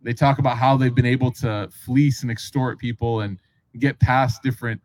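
A man's mid-range, steady voice with a darkish tone moves at a normal speed. He is an Islamic preacher giving a casual, story-driven sermon, playing out dialogue and questioning those listening.

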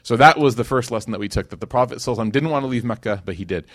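A man's voice: medium pitch, very fast, no echo, studio quality. A man from Chicago teaching a conversational sermon, telling stories with slang and acted-out quotes. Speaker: Islamic teacher. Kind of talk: casual sermon.

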